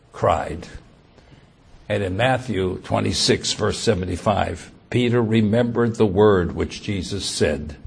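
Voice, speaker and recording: Slow gravelly male preacher. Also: lowish voice. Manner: slow, emphatic, rising loud when quoting scripture. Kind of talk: sermon.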